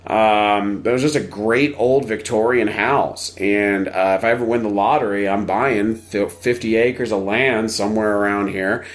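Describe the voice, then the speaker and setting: A man's voice: fairly low pitch, fairly even intonation, moderate pace, hardly any pauses. A man from New Jersey co-hosting a podcast, telling a crude, joking story in casual chat and acting out the voices of the people in it. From New Jersey, USA. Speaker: podcast co-host.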